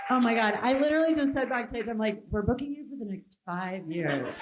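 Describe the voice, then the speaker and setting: A woman's voice: medium pitch, lively intonation, normal speed, few pauses, noisy background. A woman hosting a live event, giving emotional, gushing thanks in her closing remarks. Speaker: event host. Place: conference hall with an audience.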